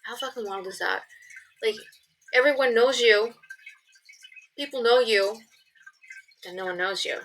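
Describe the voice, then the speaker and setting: A woman's voice: a little high, measured pace, pauses often, fairly bright tone, poor audio. A young woman telling stories in a casual vlog, chatty and swearing freely with lots of "like" fillers. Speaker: vlogger. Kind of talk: casual storytelling chat.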